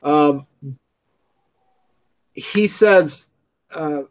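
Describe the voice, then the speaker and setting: A man narrating a tabletop game as game master, halting and full of restarts. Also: a little high, steady tone.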